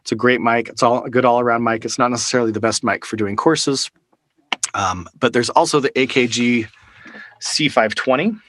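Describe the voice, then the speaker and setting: A man's voice: mid-range voice, moderate pace, fairly bright tone. A man teaching a live online workshop, talking casually with fillers and restarts into a close microphone over a video call. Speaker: workshop instructor. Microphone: studio microphone close up, over a video call.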